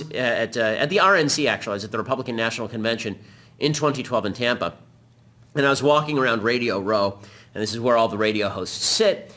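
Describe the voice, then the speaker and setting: A man hosting a political talk show, delivering a combative, rapid-fire commentary monologue. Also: mid-range voice, pushed and bright.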